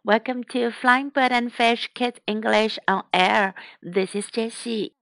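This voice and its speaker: A woman reads a children's story aloud as an English teacher, slow and deliberate, with each line followed by a translation. Her voice is high, and the recording is dry and close. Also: steady tone, creaky, fairly bright tone, dry recording.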